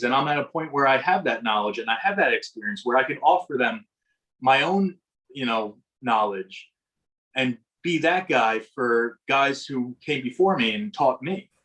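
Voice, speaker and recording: A middle-aged man speaking as a podcast guest. He tells stories from his working life in a reflective, rambling way and often restarts his sentences. His voice sits in an ordinary middle pitch. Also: expressive, moderate pace, fairly bright tone, low-quality recording. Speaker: podcast guest, baseball umpire. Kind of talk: casual storytelling in interview.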